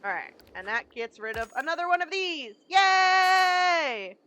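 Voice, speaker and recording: Woman streamer, chatty gameplay commentary, bright voice. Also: very high voice, very animated, measured pace, poor audio. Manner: chatty, talks to her viewers.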